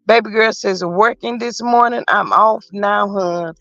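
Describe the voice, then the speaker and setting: A woman with a medium-pitched, fairly bright voice talks a little slowly while hosting a casual livestream chat, gossiping as she reads viewer comments aloud and often saying mm-hmm. The recording is dry, with muffled lo-fi audio and faint music.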